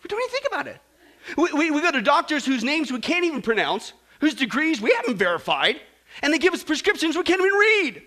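A man preaching a sermon, animated and jokey, acting out stories and swinging between loud and soft. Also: very high voice, quick pace. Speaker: pastor.

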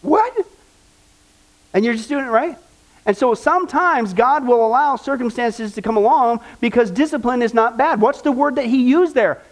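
A man's voice: very high-pitched, normal speed. A middle-aged male pastor preaching a conversational sermon, asking the congregation rhetorical questions.

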